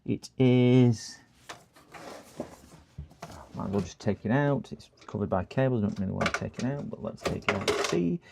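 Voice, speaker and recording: A man's voice: mid-range voice, moderate pace, creaky, pauses often, very noisy. A man chatting casually with viewers on a live stream while repairing a computer, rambling and thinking aloud as he works.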